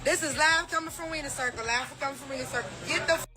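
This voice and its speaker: A woman filming herself on her phone, telling a story in a loud, cursing, fired-up rant. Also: high voice, fast talker.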